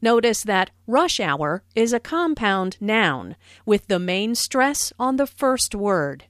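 Slow, lively-voiced woman teaching English. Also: mid-range voice, no echo, clean studio sound. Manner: slow, careful, clearly enunciated explanations. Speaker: language teacher. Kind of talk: scripted lesson narration.

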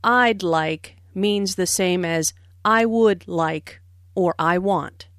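Slow, careful woman teaching pronunciation. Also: on the high side, no room sound, clean studio sound. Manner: careful, clearly enunciated explanation. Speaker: language teacher. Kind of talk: scripted lesson narration.

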